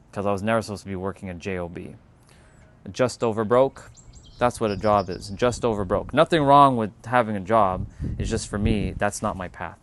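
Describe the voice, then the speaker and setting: A man from Canada, chatting casually on a livestream, rambling and restarting his words as he answers chat. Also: on the low side. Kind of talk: casual live-stream chat.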